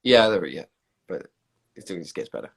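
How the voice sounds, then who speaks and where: A man's voice: low-pitched, sing-song, normal speed, a bit bright, slightly rough. A man, chatting casually on a livestream and answering viewer comments. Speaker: livestream host reading comments. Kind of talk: casual chat.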